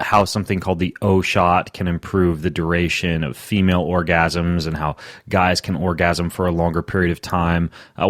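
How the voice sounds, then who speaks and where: A man's voice: low-pitched, dry recording, clean studio sound. A man hosting a podcast, talking in a playful, conversational way as he introduces and questions his guests. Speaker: podcast host.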